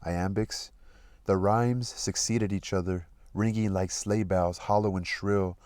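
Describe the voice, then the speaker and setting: A man reading a classic novel aloud, pausing to re-read passages and muse about them. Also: sits low, fairly even intonation, darkish tone, dry recording, studio quality. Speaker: reader of a literary audiobook channel.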